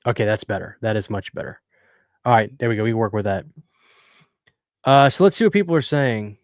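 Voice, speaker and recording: A man's voice: fairly low pitch, animated, brisk, dry recording, studio quality. A man hosting a casual live stream, earnestly chatting and reading viewer messages aloud. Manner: earnest, talkative, reads chat aloud.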